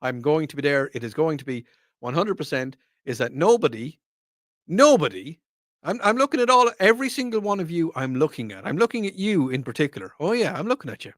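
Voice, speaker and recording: Animated Irish radio host. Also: male voice, fairly high pitch, fairly quick, no echo, clean studio sound. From Ireland. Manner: animated, teasing, talks straight to listeners. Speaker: radio talk show host. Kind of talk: casual call-in radio talk. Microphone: studio microphone.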